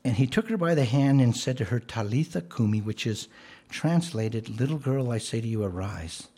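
Husky man preaching an earnest sermon. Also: medium pitch, expressive, normal speed. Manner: earnest, rises to emphatic commands then drops soft.

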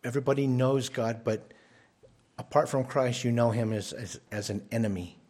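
A man's voice: steady tone, moderate pace, darkish tone. Male pastor, mid-range voice, earnest sermon delivery with repeats and emphatic rises. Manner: earnest, repeats words when restarting, rises in pitch for emphasis. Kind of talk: expository sermon.

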